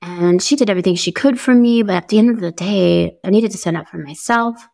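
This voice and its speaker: A podcast host shares her own story in a candid, conversational monologue, upbeat and easygoing with small laughs. Her mid-range voice is brisk, creaky and darkish in tone, with no room sound.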